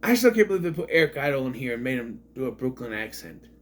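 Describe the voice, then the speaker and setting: A man's voice: medium pitch, sing-song, quick pace. A man, a father, reviewing a movie in a rambling, sarcastic, casual monologue, often repeating himself.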